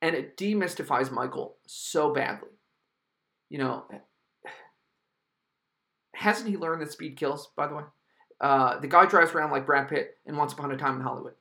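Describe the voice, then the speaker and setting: Gravelly, profane man ranting. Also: on the high side, moderate pace, long pauses, pushed and bright. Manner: profane, sarcastic, exasperated. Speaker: podcast host reviewing films. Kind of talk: ranting solo review.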